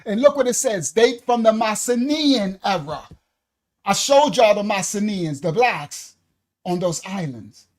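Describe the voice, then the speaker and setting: A ministry teacher giving a livestreamed lesson, reading from slides with excited asides to viewers and emotional, laughing outbursts. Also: medium pitch, a little slow. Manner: animated, reads aloud from slides with asides to viewers; emotional, breaks into laughter and apologizes. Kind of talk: livestreamed Bible-history lesson.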